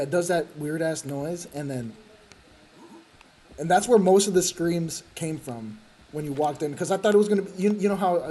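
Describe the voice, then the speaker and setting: A man streaming a game tells a rambling, profane story, laughing often in a slightly high, mellow voice. It's casual gaming chat, with a little hiss or hum in the recording.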